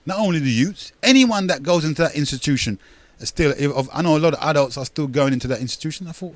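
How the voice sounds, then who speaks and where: A man's voice: fairly high pitch, expressive, fast, no echo. An older man, hosting a radio talk show in a rambling, emphatic monologue that repeats words and addresses listeners as brethren.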